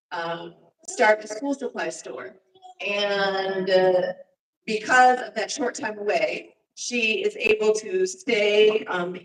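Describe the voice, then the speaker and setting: A woman's voice: mid-range voice, a bit bright. Woman speaking from afar in a roomy church. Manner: halting, with frequent fillers. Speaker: speaker presenting slides at a church service. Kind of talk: informal presentation to a congregation. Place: church sanctuary. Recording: roomy, distant church sound.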